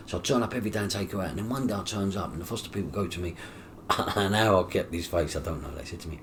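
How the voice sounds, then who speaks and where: Deep-voiced man telling his story. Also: rapid-fire, hardly any pauses, slight background noise. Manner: animated, acts out quoted dialogue with coarse swearing. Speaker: guest. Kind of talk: personal storytelling in an interview.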